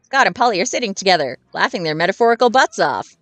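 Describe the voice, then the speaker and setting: A woman reading a dating game aloud and reacting with jokey, animated comments. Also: mid-range voice, quick pace, no room sound, soft background music. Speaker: let's-play gamer.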